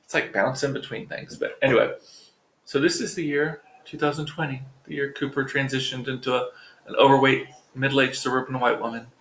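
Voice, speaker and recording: A man talks straight to his viewers in a loose, rambling vlog monologue, swearing freely and tossing in jokes and asides. His voice sits at a middling pitch. The sound carries a noticeable roomy echo. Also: steady tone, a little fast, a bit bright, a little hiss or hum. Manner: profane, joking, rambling asides. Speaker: vlog host. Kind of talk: casual chatty monologue to viewers.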